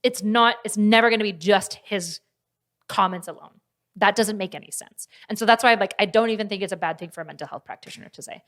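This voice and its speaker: A woman streamer giving casual, animated commentary, arguing her points in fast bursts. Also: medium pitch. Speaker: streamer reacting to videos.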